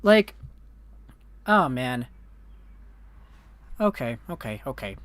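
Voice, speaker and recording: A woman hosting a livestream, giving excitable live reaction commentary and talking to viewers in the chat, swinging from low muttering to shouted disbelief. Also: slow pace, no room sound. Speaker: livestream host.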